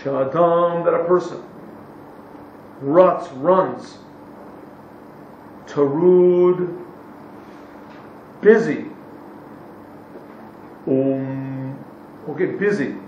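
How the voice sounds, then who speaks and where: A man teaches a class at an unhurried pace, translating a text phrase by phrase and stopping to hunt for the right English word. His somewhat high voice comes from well back from the mic in an echoey room. The recording is dull and lo-fi, with faint noise underneath. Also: distant mic. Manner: pauses to search for English words.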